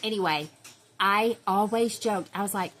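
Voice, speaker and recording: A woman's voice: medium pitch, moderate pace, fairly bright tone. A woman, chatting casually to her viewers at home in a rambling way, full of fillers and restarts. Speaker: vlogger.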